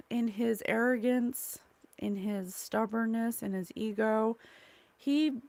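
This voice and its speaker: A woman who is a psychic medium, speaking at home in a rambling, halting way and blurting out single words she says come from spirit. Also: a little high, gravelly, a little mellow, no room sound. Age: adult, mother of a young child. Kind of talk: solo spirit channeling monologue. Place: at home, in a room with curtains and a candle.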